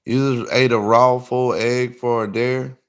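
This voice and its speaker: Chill guy rambling to his chat on a livestream, lots of "like", mid-pitched voice. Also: level tone, a little slow. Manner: laid-back, rambling, with plenty of "like". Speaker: livestream host. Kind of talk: casual livestream chat, answering viewer comments.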